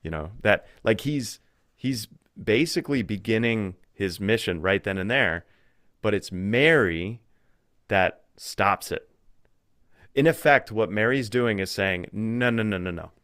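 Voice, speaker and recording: A man talking as a podcast guest in a casual conversation, thinking aloud with restarts and growing animated when he retells stories. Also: fairly low pitch, a little slow, no room sound, studio quality. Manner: thoughtful, with frequent restarts and fillers.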